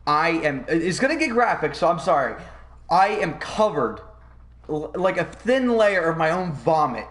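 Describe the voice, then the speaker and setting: A young man hosting a podcast, telling a long story in a rambling, profane, animated way. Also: fairly high pitch, unhurried. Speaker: podcast host. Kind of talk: casual storytelling.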